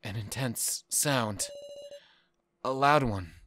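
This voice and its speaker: Hushed, measured visual novel narration. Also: noisy background. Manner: low, hushed, measured reading. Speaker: let's play narrator.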